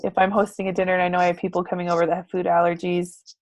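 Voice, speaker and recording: A woman's voice: fairly low pitch, monotone, very fast, a little mellow, dry recording. A woman taking part in a group video call, speaking thoughtfully and a bit hesitantly, with fillers. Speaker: group participant.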